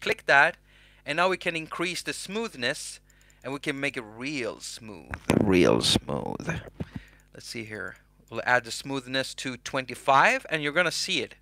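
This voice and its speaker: A man hosting a casual software tutorial, chatty and self-mocking. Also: medium pitch, animated, normal speed, background noise. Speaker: host.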